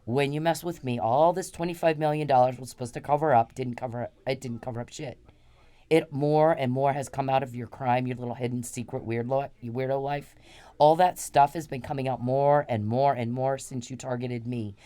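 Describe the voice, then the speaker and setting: A woman's voice: a bass voice, fairly even intonation, normal speed, mellow. A woman hosting a podcast, delivering an angry, repetitive, profane monologue aimed straight at one man. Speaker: podcast host.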